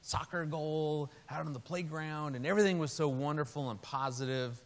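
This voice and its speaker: A middle-aged man giving a sermon in a storytelling way, animated and humorous by turns, then earnest. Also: fairly high pitch, normal speed. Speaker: Christian speaker. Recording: reverberant hall with faint hiss.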